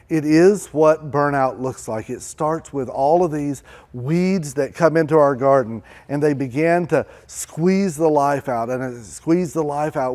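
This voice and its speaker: A man preaching a church sermon, acting out desperate pleas with rising intensity and then dropping low and quiet. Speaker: pastor.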